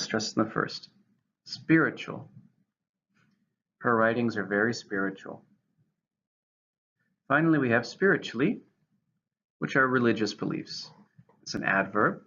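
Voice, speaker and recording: A man's voice: on the low side, creaky, pushed and bright, slight background noise. A man teaching English vocabulary, methodically giving syllables, stress and example sentences. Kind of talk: vocabulary lesson, reading definitions and examples. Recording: muffled lo-fi recording.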